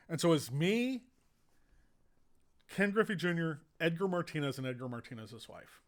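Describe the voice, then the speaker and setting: An American man hosting a podcast, telling relaxed, rambling anecdotes full of fillers. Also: on the high side, moderate pace, pauses often. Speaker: podcast host and baseball writer. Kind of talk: casual storytelling chat.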